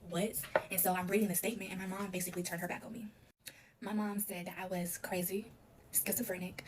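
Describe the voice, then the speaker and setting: A woman's voice: mid-range voice, flat delivery, slight background noise. A woman recounting her own past in a casual storytime confession, talking emotionally with lots of "like". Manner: rapid, emotional retelling full of "like".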